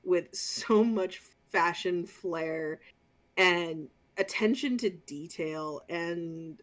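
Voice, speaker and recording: A woman's voice: on the low side, very slow. A woman co-hosting a podcast who talks passionately and casually as a fan, with lots of fillers and the odd swear word. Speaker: podcast co-host. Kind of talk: casual chat.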